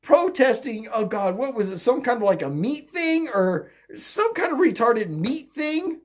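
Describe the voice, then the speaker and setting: A political commentary host rants solo in a high voice with big pitch swings, taking his time. He's mocking and crude, rambling through fillers and self-corrections, and often laughs at his own jokes.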